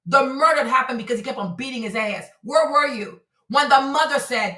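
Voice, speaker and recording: A forty-something woman with a high, sharp voice calls out her audience on a live stream. She talks emphatically and confrontationally, as if arguing with the viewers. Her voice comes through a mic set well away from her, with a roomy echo. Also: moderate pace, few pauses. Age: 40s. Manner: emphatic, confrontational, repeats rhetorical questions. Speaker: streamer and commentator. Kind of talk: heated live-stream commentary. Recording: roomy sound from a distant mic.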